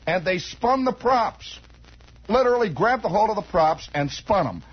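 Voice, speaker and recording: A 1960s radio host spins a rambling, improvised comic monologue, acting out parts as he goes. He speaks at normal speed in an expressive, slightly rough voice that sits high, heard through dull lo-fi broadcast audio.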